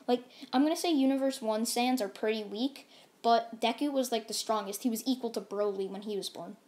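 A woman's voice: on the high side, brisk, darkish tone. A woman casually narrating a fan-made story, rambling and full of fillers.

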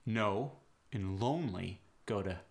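A man with a lowish, creaky voice works as an accent coach. He explains pronunciation changes briskly, in a matter-of-fact, instructional way.

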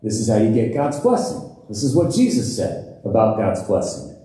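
A man's voice: on the low side, very animated, moderate pace, mellow. A middle-aged man preaching a sermon as pastor, in a conversational way, chuckling at his own jokes. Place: church sanctuary. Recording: very echoey church hall.

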